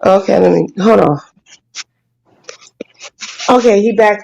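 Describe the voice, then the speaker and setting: A woman's voice: medium pitch, slow pace, creaky, darkish tone, highs cut off. A woman hosting a casual live chat, exclaiming and calling out to her dog. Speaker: host.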